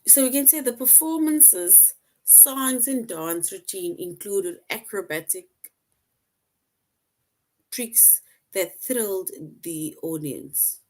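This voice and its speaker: Slow, patient woman teaching grammar. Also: medium pitch, expressive, a little mellow. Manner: slow, patient, reads sentences aloud then quizzes. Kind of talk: online grammar lesson.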